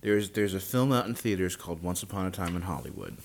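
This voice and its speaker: A man co-hosting an improvised comedy call-in, delivering dry, deadpan remarks. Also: sits low, fast talker, gravelly. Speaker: co-host.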